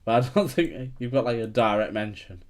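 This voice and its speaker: A man's voice: medium pitch, lively intonation, brisk. A young man, co-hosting a podcast and recalling gaming stories in a rambling way, full of fillers and laughter. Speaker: podcast co-host. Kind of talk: casual gaming chat.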